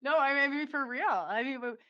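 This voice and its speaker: Woman co-host, a bit high, quick laughs, dry muffled lo-fi audio. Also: no echo. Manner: laughs often, short encouraging replies. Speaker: radio show co-host. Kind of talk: casual chat reacting to a guest. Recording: dull lo-fi radio audio.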